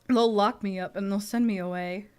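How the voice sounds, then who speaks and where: A young woman streaming as a vtuber, chatting casually and excitably, swearing and gushing, often stumbling over restarts. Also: medium pitch, normal speed, smooth.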